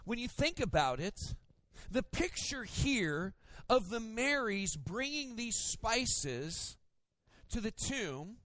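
A male pastor preaching a sermon, storytelling in an animated way with playful mimicry. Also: high voice, slow pace, dry recording.

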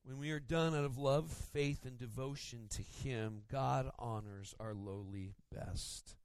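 A male pastor preaching a sermon, storytelling in an animated way with playful mimicry. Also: mid-range voice, unhurried, no room sound.

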